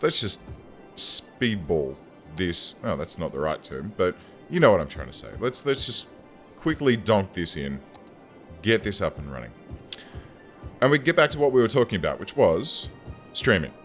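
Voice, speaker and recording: Man, young adult, deep voice, lively pitch, rambling gameplay chat, faint background music. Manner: rambling, self-deprecating, chatty asides. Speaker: gaming YouTuber. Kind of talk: casual gameplay commentary.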